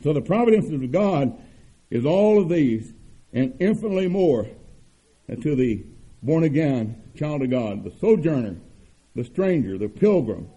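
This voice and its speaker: An older man preaching a sermon, with an earnest cadence, emphatic repetitions and drawn-out stresses. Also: on the high side, big pitch swings, warm tone, breathy edge, rough recording. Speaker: pastor.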